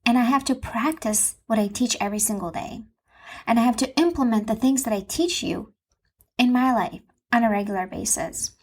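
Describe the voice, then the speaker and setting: A woman in her thirties talks on her own podcast from home, open and confessional, and she repeats her points for emphasis. Her voice sits a little high and has a soft husky edge. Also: normal speed. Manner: earnest and confessional, with emphatic repetition. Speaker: podcast host and Christian mom coach. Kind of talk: personal podcast monologue.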